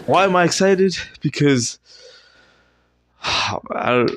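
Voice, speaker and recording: A young man rambling through a solo comedy monologue at home, swinging from low mutters to loud shouted bursts and swearing often. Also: expressive, slow pace, creaky, pauses often. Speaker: vlogger doing improv comedy. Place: at home, indoors.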